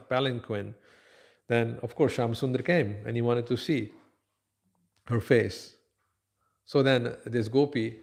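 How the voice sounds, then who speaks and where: Storytelling male temple lecturer. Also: mid-range voice. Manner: animated storyteller, mixes Sanskrit and Hindi verses into English.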